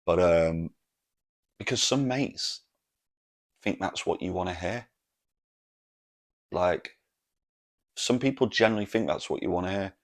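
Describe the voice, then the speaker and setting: A man's voice: deep voice, expressive, measured pace, pauses often. A man, telling a rambling, sweary story on his podcast. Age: 40s. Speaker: podcast host. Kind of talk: casual storytelling monologue.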